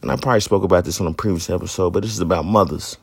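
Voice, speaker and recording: Man, 30s, podcast host. Very low, gravelly voice, dry close mic. Blunt, profane, candid monologue. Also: racing, darkish tone, no room sound. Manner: blunt, profane street talk.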